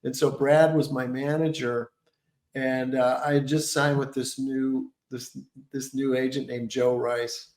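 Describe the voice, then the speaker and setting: A man, a comedian guest from Detroit, telling animated stories and slipping into voices. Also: mid-range voice, measured pace. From Detroit, Michigan. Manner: animated, lots of voices and laughs. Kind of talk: storytelling with impressions. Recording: roomy echo.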